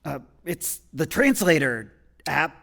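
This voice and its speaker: Exasperated commanding man, gravelly edge. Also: fairly high pitch, very animated, slow pace, a bit bright. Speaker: commander in a comedy radio play. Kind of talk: comedic radio acting.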